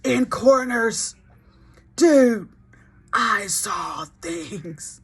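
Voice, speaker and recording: A woman voicing a shocked, wide-eyed man who drags his words out slowly in a dazed way. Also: mid-range voice, expressive, creaky, breathy edge, full character voice. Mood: stunned. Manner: slow, drawn-out, dazed telling. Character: stunned wide-eyed man, a church sound tech.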